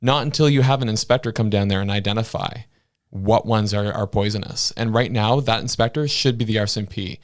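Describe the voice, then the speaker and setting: A man's voice: lowish voice, fairly quick. A man from Canada's Maritime provinces co-hosting a political podcast, blunt and passionate, with crude jokes. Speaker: podcast co-host. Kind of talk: political commentary chat.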